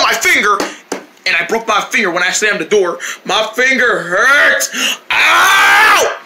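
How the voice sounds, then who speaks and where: A man's voice: a little high, background noise. A man telling a rambling first-person story skit in a playful, run-on way, adding his own sound effects. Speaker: storyteller voicing a character.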